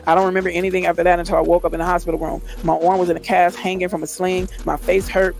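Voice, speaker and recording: A man with a fairly high voice reads a memoir aloud for a live reaction stream. His delivery is dramatic, and he breaks off to comment on what he reads. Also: level tone, rapid-fire, creaky.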